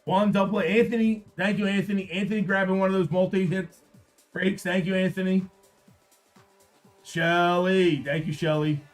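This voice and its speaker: Man, live-stream host, upbeat repetitive hype, somewhat high voice. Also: steady tone, normal speed, faint music behind. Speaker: card break host. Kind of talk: live-stream sales pitch.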